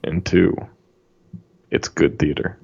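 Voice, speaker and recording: A man speaking right into the mic in a deep, put-on seductive voice, slow and self-amused. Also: fairly even intonation, a little mellow, full character voice. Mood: mock-sultry. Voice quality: deep, gravelly, close to the mic. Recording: dull lo-fi sound.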